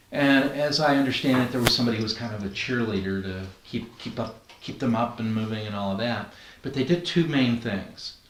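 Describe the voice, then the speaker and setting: Man teaching a group in an echoey room. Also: lowish voice. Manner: conversational, asks the group questions. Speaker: NLP trainer. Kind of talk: classroom teaching.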